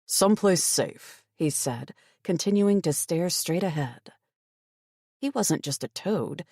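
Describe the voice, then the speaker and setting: A woman giving expressive, wry first-person audiobook narration on a close studio mic. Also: low voice, slow, slightly rough, no echo.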